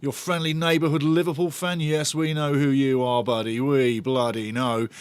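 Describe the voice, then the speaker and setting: A man's voice: medium pitch, little pitch movement, normal speed, clear, resonant tone, dry recording. A man hosting a live football watch-along, chatting with viewers in a bantering, sarcastic way. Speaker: host of a football fan watch-along channel.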